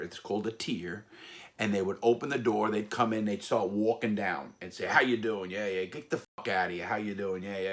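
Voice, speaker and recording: A middle-aged man telling a blunt, profane story about his time in prison. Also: on the low side. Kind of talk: casual storytelling monologue.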